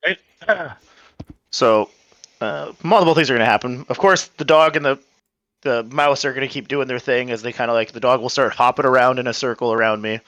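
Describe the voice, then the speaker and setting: Man, tabletop player, casual laid-back talk, mid pitch, dry sound. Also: brisk, dry recording. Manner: relaxed, laid-back with fillers.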